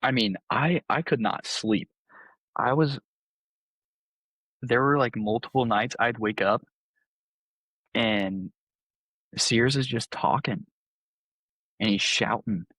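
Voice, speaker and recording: A man's voice: mid-range voice, slow, pauses often, fairly bright tone, breathy edge, no echo. A young man, a podcast guest, telling a story casually, full of "like" and acted-out quotes. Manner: laid-back, lots of "like", acts out quotes. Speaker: podcast guest, college baseball player.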